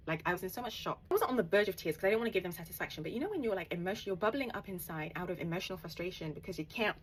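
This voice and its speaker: A woman, vividly retelling a personal story on her vlog, animated and emphatic, with bursts of laughter. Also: fairly low pitch, rapid-fire, hardly any pauses, slight background noise. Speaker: vlogger.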